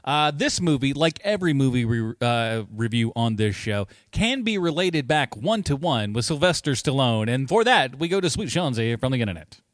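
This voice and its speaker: A man's voice: medium pitch, sing-song, moderate pace, hardly any pauses, dry recording. Upbeat giggly male podcast host. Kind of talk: casual chat.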